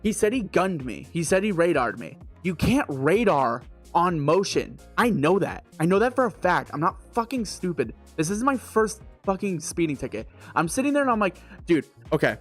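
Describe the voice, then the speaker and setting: A young man live-streaming an animated, profane storytime, with sudden incredulous outbursts. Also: high voice, moderate pace, faint music behind. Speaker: livestreamer.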